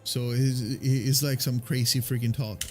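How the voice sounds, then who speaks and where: A man's voice: mid-range voice, fairly even intonation, measured pace, soft background music. A man casually commentating his video game playthrough, rambling with many fillers and restarts.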